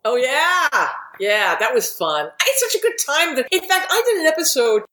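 A woman who writes and produces for TV, telling lively anecdotes in a casual interview and acting out the quotes. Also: high-pitched, moderate pace. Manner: animated anecdote teller who acts out quotes. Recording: echoey room.

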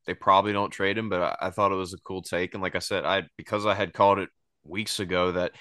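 Male podcast host, very low voice, smooth, dry close mic, relaxed rambling delivery. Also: fast talker, dry recording. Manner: laid-back, rambling, laughs often. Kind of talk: casual sports podcast chat.

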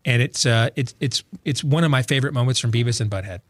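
A talk show host with a medium-pitched voice talks at a quick pace, trading casual banter. He's an animated storyteller who stammers and restarts a lot.

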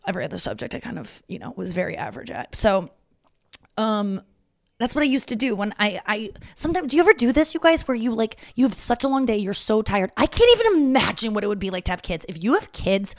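A woman comedian in her thirties talking in a quick, profane solo podcast monologue, with many restarts and asides. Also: medium pitch, no echo, clean studio sound.

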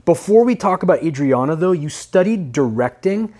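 A man's voice: on the high side, expressive, moderate pace, darkish tone. A man hosting a casual interview podcast, asking short, eager questions. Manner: short eager prompts and backchannels. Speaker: podcast host.

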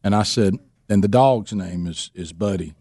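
A man's voice: on the low side, moderate pace, mellow, no echo, clean studio sound. A man hosting a radio show, telling a story in a playful, teasing way and acting out the quotes. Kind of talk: casual on-air storytelling chat.

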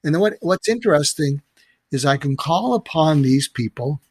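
A man's voice: a little high, lively intonation, moderate pace, darkish tone, breathy edge, no echo. A man, a podcast guest, telling stories and giving advice in an earnest, reflective way. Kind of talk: conversational storytelling.

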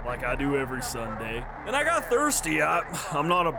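A man playing a hot-tempered, football-loving husband, rambling with small stammers in a deadpan comic monologue. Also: fairly high pitch, a little fast, creaky, a loud crowd, exaggerated voice, rough recording.

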